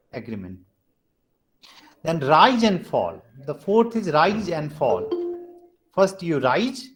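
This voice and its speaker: A man's voice: a little high, very animated, slow pace, long pauses. A man teaching English pronunciation in a classroom lecture with an Indian English accent, acting out each tone with exaggerated rises and falls and slipping into Hindi. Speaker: teacher educator.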